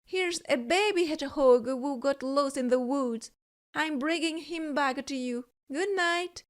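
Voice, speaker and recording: A woman voicing a busy, stern but kind male squirrel in a children's story, talking in a brisk, scolding way. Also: high voice, pitched above the performer's own voice. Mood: polite. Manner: brisk and scolding, then gentle.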